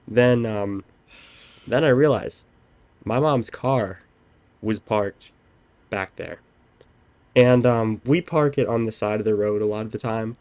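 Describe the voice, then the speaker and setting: A man's voice: lowish voice, a little slow, long pauses, darkish tone. A young man hosting a podcast, telling a story in casual chat with lots of ums. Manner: rambling storytelling with many "um"s. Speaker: podcast host.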